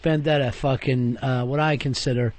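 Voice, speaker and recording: A man's voice: medium pitch, fairly even intonation, moderate pace, a little mellow. A man co-hosting a radio show, chatting bluntly and teasing with plenty of swearing. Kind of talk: casual radio banter. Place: radio studio.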